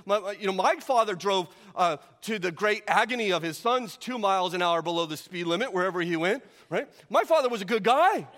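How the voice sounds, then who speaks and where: A man's voice: high-pitched, animated, a little fast, few pauses, fairly bright tone, big-room sound. A middle-aged man preaching a sermon in a conversational way, full of rhetorical questions and restarts. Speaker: pastor.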